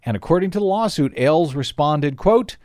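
A man's voice: on the high side, expressive, fairly quick, darkish tone, dry recording, clean studio sound. A man hosting a talk radio show, reading out lawsuit details with wry asides and frequent fillers. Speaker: radio host. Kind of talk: talk radio news commentary.

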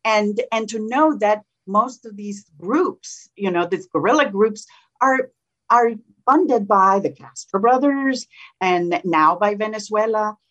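A woman's voice: medium pitch, expressive, slow, a bit bright, lo-fi sound. A woman whose first language is Spanish, speaking as a political candidate in an interview, emphatic and repeating phrases for force. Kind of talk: interview talk.

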